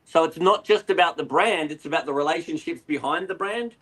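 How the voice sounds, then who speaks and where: Middle-aged Australian guest, casual rambling talker, light higher voice. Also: male voice, fairly quick. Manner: rambling, animated storyteller. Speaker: aquarium retailer, guest. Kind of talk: casual interview chat.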